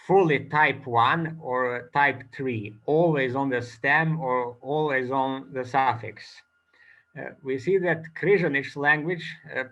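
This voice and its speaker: A man presents an academic conference talk at a slow, unhurried pace, often pausing on filler sounds. His voice sits in a middle pitch. It comes through a dull, lo-fi online call recording. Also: sharp tone. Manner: hesitant, many filler pauses.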